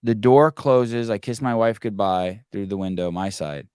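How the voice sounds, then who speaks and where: A man's voice: fairly low pitch, moderate pace, darkish tone, clean tone, dry recording, clean studio sound. A man in his forties hosting a call-in podcast, telling blunt, profane stories in casual chat. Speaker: podcast host.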